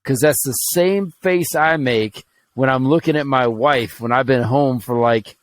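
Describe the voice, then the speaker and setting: A man from Alabama co-hosting a podcast in loose, casual chat. He talks bluntly, swears freely and jokes about his own life. His voice sits at an ordinary middle pitch. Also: a little slow. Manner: blunt, profane, joking. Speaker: podcast co-host.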